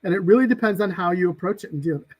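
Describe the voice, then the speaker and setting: A man's voice: sits high, very fast, slight background noise, rough recording. Guy on a podcast swapping trade show stories, acts out the back and forth. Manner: animated storyteller, acts out quoted exchanges. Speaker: guest. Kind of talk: casual podcast chat.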